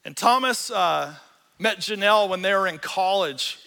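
A man preaches an animated, joking sermon, acting out the people in his stories. His voice sits high and sounds bright and forceful. The sound carries the long reverb of a church hall. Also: normal speed, creaky. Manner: animated, joking, acts out quotes. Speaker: pastor. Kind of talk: sermon with storytelling.

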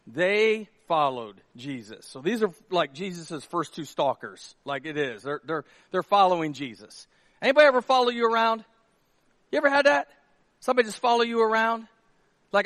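A male pastor preaching a sermon, telling stories in an animated way and shouting out quoted lines. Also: high voice, dry recording.

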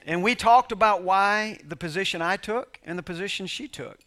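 A man's voice: high-pitched, normal speed, sharp tone. A male pastor telling a personal story in a sermon, acting out bits of dialogue and joking with his congregation. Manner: conversational preacher, quoting dialogue, laughing with congregation.

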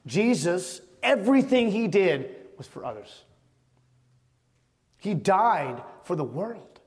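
A man preaching a sermon as pastor, telling stories in a conversational way and often dropping to a quiet voice. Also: sits high, big pitch swings, takes it slowly. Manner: conversational storytelling with sudden drops to quiet. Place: church sanctuary. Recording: long hall reverb.

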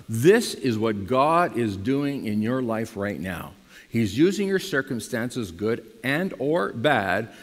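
A man preaching a sermon to his congregation in lively style, now and then rising to loud emphatic bursts. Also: medium pitch, in a large hall. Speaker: pastor.

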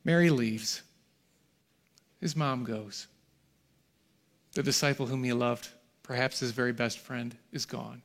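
A middle-aged male pastor preaching a sermon to a congregation in a church hall, swinging from hushed, near-whispered lines to shouted peaks. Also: mid-range voice, steady tone, takes it slowly, pauses often.

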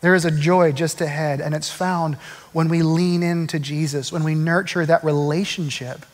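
A man preaching a conversational sermon as pastor. He slows down on key phrases and gets louder and livelier when he is excited. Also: on the high side, long reverb tail.

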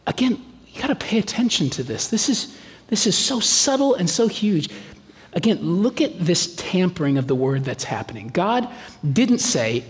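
A man preaching a sermon in a lively, animated way, acting out quotes in playful voices. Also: sits high, moderate pace. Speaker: pastor. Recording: reverberant hall.

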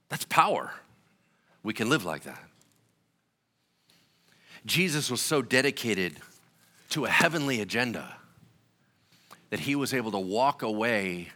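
A male pastor preaching a sermon in an animated, conversational way with casual slang. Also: fairly low pitch.

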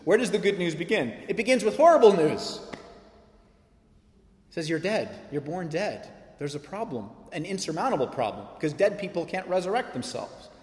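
Guy preaching, fairly high voice, booming around a big reverby church hall. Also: sing-song, moderate pace, a little mellow. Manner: conversational, emphatic preaching with rhetorical questions. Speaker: pastor. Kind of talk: sermon. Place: church sanctuary.

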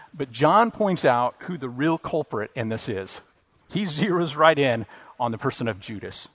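A male pastor delivering a sermon in a mid-range voice. His delivery is earnest, swelling on key phrases and then falling soft, with the odd stumble and restart. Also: mid-range voice, dry recording. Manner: earnest preaching with emphatic rises and quiet drops, occasional restarts.

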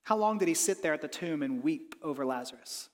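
A pastor preaching a sermon with earnest feeling, dropping soft on reflective lines and rising when he voices pleading prayers. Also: on the high side, expressive, brisk. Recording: long hall reverb.

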